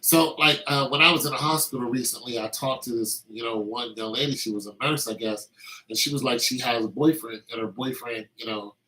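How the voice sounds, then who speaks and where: A man's voice: medium pitch, brisk, sharp tone, low-quality recording. A man talking in a casual, meandering monologue, telling anecdotes with lots of fillers.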